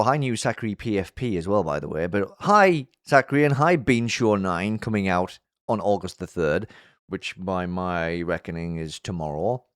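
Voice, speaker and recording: A man hosting a casual commentary vlog, chatty and upbeat, with lots of fillers and restarts, and his voice jumps high when he gets sincere. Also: smooth, dry recording, clean studio sound. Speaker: YouTube show host.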